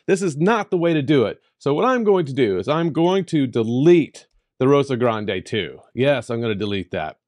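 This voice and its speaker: A man talks through a software tutorial in a voice-over. He is emphatic and playful, and his voice leaps up in pitch when he stresses a point. His voice sits in the middle range, recorded close and dry with no room sound. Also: expressive, normal speed, dry recording. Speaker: tutorial host.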